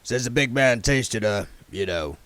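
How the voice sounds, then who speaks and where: A man voicing a gruff, streetwise talking dog who speaks low, quiet and mumbling. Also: expressive, a little slow, no room sound. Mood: gruff muttering.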